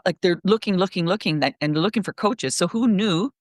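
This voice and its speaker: Rambling, animated woman on a call. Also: lowish voice, a little fast, hardly any pauses, no room sound, studio quality. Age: middle-aged. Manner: rambling, animated storytelling with many restarts. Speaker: guest speaker. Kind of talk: casual podcast conversation. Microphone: remote call.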